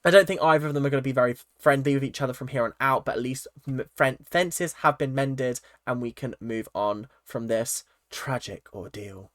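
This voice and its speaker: A vlogger giving casual, opinionated commentary on a reality show, animated and acting out quoted lines in mock voices, with many fillers and restarts. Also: mid-range voice, normal speed, few pauses, dry recording, clean studio sound. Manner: chatty with frequent fillers and restarts.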